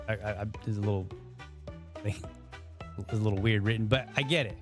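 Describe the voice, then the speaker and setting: A man's voice: fairly low pitch, a little fast, pauses often, music in the background. A man hosting a show, chatting casually about a video and thinking aloud with frequent asides to viewers. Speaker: podcast host. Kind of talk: casual commentary on a viral video.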